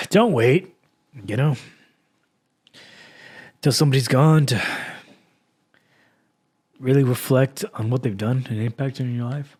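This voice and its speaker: A man's voice: medium pitch, slow pace, pauses often, a little mellow. A man hosting his own podcast, talking rawly and heartfeltly after crying, with sighs and pep-talk encouragement. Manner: raw, heartfelt, motivational, with sighs. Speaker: podcast host. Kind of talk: emotional solo podcast talk.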